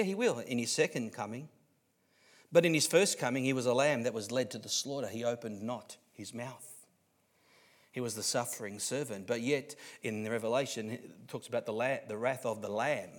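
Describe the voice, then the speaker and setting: An Australian-accented pastor delivers a sermon at church, shifting from quiet passages to loud, emphatic declarations and frequently restarting. He speaks at medium pitch and a moderate pace.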